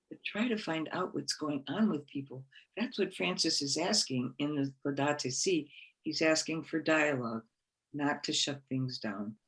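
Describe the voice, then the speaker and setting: Gravelly-voiced woman giving a gentle spiritual talk. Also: low voice, low-quality recording. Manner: gentle, encouraging, repeats phrases for emphasis. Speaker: conference speaker.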